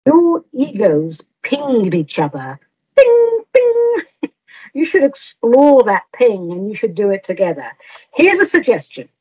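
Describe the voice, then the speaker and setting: Husky, lively woman radio host. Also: medium pitch, poor audio. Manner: playful, laughing often, teasing asides. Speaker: radio show host answering listener letters. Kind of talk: advice talk, reading a listener email aloud.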